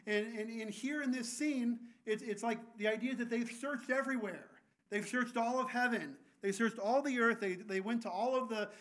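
High-voiced earnest pastor preaching. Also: male voice. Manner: earnest, frequent restarts and repeated words. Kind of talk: sermon.

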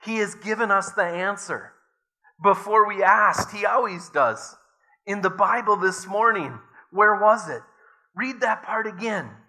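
A man voicing an excited, devout woman prisoner who speaks eagerly and urgently. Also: sits high, unhurried, voice pushed up, full character voice.

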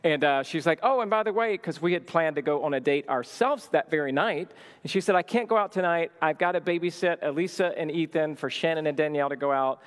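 Animated man telling a story, hall reverb. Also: on the high side, brisk. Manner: animated storyteller acting out dialogue. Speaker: speaker at a marriage teaching session. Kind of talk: storytelling talk.

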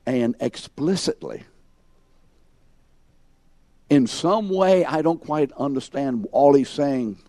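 Male Bible teacher, slow and mellow, emphatic, quizzes the class, dry close sound. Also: mid-range voice, dry recording. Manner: questions the class and calls on students by name; emphatic, acts out scenes in second person.

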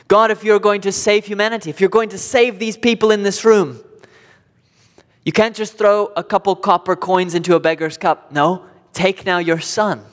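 Pastor, male, slightly high voice, emphatic sermon delivery, long hall reverb. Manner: emphatic preaching with sharp swings between loud declarations and hushed passages.

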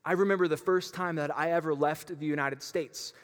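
A man's voice: on the high side, fairly quick. A man preaching a sermon in a church gym, telling a story with lots of fillers and restarts. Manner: animated, with frequent fillers and restarts. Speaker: pastor. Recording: long hall reverb.

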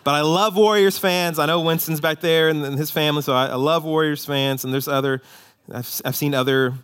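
A man preaching a sermon to a congregation, animated, with rising emphasis and joking asides. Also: fairly high pitch, fairly quick, clean tone. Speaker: pastor. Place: church hall before a congregation.

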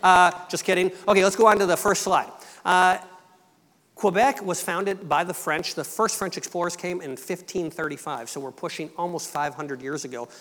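A middle-aged man giving a missionary presentation in a church, talking in a relaxed, conversational way with light humor. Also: high voice, moderate pace, long reverb tail. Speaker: missionary speaker. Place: church sanctuary.

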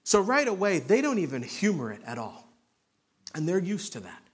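A male pastor teaches through a Bible passage with an earnest, conversational delivery. His voice sits a little higher than most men's and falls quiet for emphasis. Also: wildly swooping pitch, normal speed, husky. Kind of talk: expository sermon.

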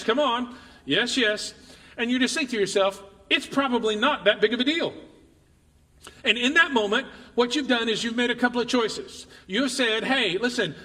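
Bright-voiced pastor in a reverberant hall. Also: male voice, high voice. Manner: conversational, repeats words, addresses congregation directly. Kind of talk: sermon. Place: church sanctuary.

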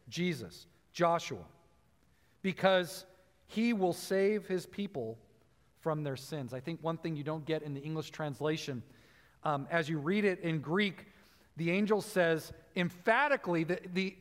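A man with a fairly high voice delivers a teaching sermon in a church hall. He explains scripture and slows right down to stress the phrases that matter. His voice trails off into a long hall reverb. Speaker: preacher.

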